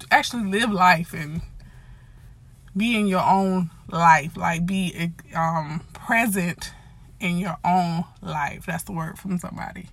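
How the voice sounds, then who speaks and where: On her devotional podcast, a lay preacher with a medium-pitched, gravelly, fairly bright voice preaches casually with no echo around her. She sounds a bit breathless, chats informally between scripture readings, and prays aloud, saying "Father God" again and again.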